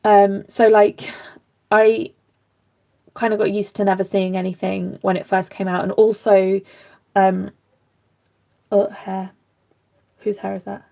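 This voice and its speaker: A young British woman rambles through casual chat as she works on a doll, her sentences full of fillers and sudden asides. Her voice is mid-pitched with a gravelly fry running through it. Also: level tone, measured pace, pauses often, warm tone. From Britain. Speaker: vlogger.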